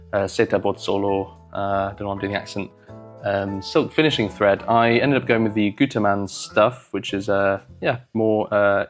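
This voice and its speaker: A man vlogging about sewing, rambling casually with wry, self-deprecating asides and many fillers. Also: fairly low pitch. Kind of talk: casual talk to camera while sewing.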